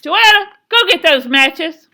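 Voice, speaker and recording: A woman voicing a furious, stern mother who gives sharp, clipped orders in a hissing voice. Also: on the low side, slow pace, exaggerated voice. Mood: commanding.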